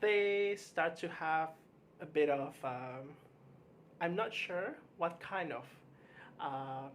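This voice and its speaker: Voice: mid-range voice, takes it slowly, slight background noise. A book vlogger chatting casually about their reading, hesitant, with frequent stammered restarts and fillers, candid and mildly exasperated. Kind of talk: casual book review chat.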